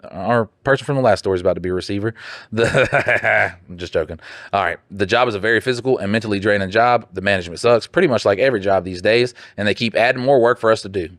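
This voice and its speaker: A man's voice: fairly low pitch, fairly bright tone, dry recording, clean studio sound. Blunt, profane man on a podcast. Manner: blunt, profane, mocking put-on voices. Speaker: podcast co-host. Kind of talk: crude casual chat, reading listener letters.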